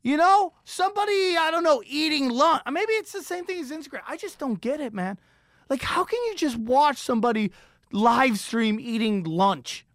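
A middle-aged man hosting a comedy podcast, telling a story in an animated, incredulous, profane rant that swings between high and low pitch. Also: normal speed, dry recording, clean studio sound. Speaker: podcast host.

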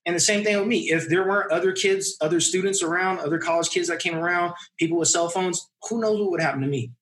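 Animated storytelling man, raised pitch. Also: fast. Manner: animated, acts out the people in his stories. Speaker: podcast guest, mountain runner. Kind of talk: casual storytelling.

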